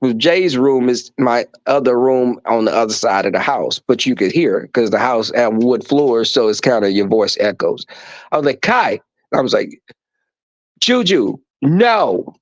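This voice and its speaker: A man hosting a livestream, telling stories to his viewers in an animated, profane way and acting out the voices in them. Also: medium pitch, moderate pace, dry recording, muffled recording. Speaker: livestream host reading chat. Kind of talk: casual storytelling to viewers.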